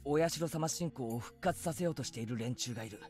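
A man's voice: medium pitch, rapid-fire, a little mellow, lightly acted. A man voicing a blunt, brash teenage boy in a game, with faint music behind. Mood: serious. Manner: blunt, rough-spoken. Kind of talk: Japanese game voice acting.

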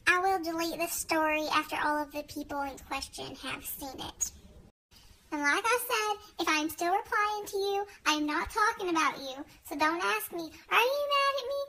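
A young woman with a drawl vents into her phone camera. Her voice sits very high and sounds bright and sharp, and she speaks bluntly, with sass and emphasis. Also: normal speed, low-quality recording. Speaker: vlogger. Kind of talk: ranting social media story.

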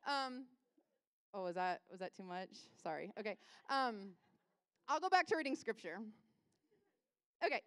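A woman pastor giving a lively, self-deprecating sermon, repeating lines for emphasis. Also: medium pitch, moderate pace, pauses often, clean tone, dry recording.

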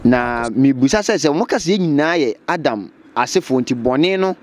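A man with a Ghanaian accent asking questions in a comic street interview, fast and laughing. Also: medium pitch, lively intonation, a crowd in the background.

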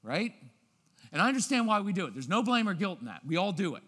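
A man giving a live parenting seminar, acting out scenes and switching between loud and quiet, low-key tones. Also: big pitch swings, fast talker, breathy edge. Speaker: parenting speaker. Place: church auditorium. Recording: long reverb of a large hall.

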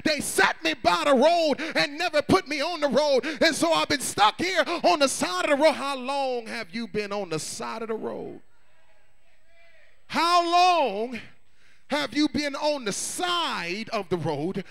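A male pastor preaching a sermon, swinging between shouts and hushed asides and calling on the congregation to respond. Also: extremely high pitch, animated, moderate pace, gravelly, few pauses. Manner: call-and-response prompts to the congregation.

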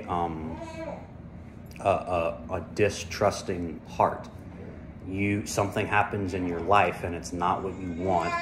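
A man leading a small-group Bible lesson, speaking earnestly and unhurriedly, with fillers and restarts. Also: low voice. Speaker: Bible study leader. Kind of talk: informal Bible teaching.

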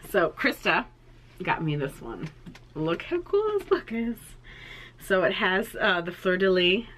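A woman's voice: lowish voice, fairly bright tone, a little hiss or hum. A woman in her thirties chatting to camera as an art vlogger, talking in a chatty, sentimental way with plenty of fillers. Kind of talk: casual chat to camera.

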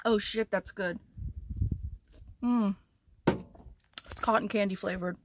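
A woman from Texas, vlogging outdoors by her van and talking to cats and cows in a high, cooing baby-talk voice with frequent laughs. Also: steady tone, slow pace, slight background noise. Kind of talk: casual vlog talk to camera and animals. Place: outdoors by a van near a cow pasture. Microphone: handheld camera.

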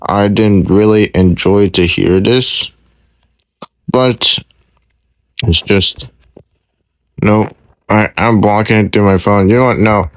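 A man's voice: on the low side, dry recording. A man playing a sad, stressed young male hero who rambles and repeats himself in a casual fan roleplay.

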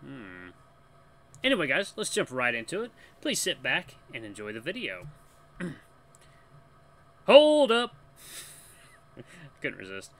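A man hosting a let's play who reads the game text aloud and comments excitedly. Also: medium pitch, moderate pace, creaky, long pauses. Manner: excitable, laughs easily, breaks into loud protest. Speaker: gaming channel host.

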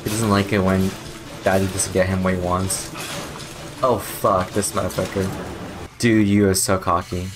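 A young man commenting on a video game as he plays, excitable and profane, laughing often. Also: deep voice, moderate pace. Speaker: gaming YouTuber. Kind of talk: let's play commentary.

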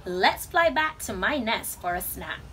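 Woman doing a grumpy storybook bird, snappish, bright, swoops up and down. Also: a little high, very animated, measured pace, recorded from a distance, a little hiss or hum, exaggerated voice. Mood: cheerful. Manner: snappish, curt. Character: grumpy sulky little male bird.

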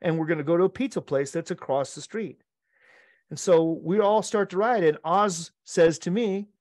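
Middle-aged guy on a podcast, kinda high voice, dead dry mic, tells stories all animated. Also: moderate pace, no room sound. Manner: animated, laughs often, acts out quotes. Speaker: podcast co-host telling a story. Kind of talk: casual storytelling among friends.

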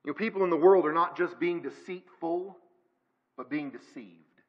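A man's voice: on the high side, moderate pace, dull audio. A male pastor preaching a sermon in a church, emphatic, with repeated phrases. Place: church sanctuary.

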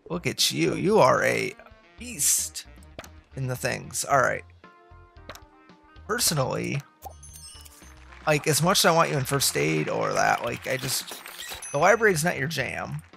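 Brief: male let's-play host, gravelly fry, lively pitch, musing aloud at his game, soft game music under him. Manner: thinking aloud, chatting to the game's students. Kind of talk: casual gameplay commentary.

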